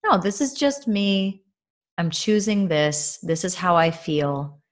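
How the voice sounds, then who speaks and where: A woman's voice: lowish voice, slow. A woman in her thirties, a podcast co-host and mother, talking earnestly and reflectively about faith, with many fillers. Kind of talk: casual faith-based podcast talk.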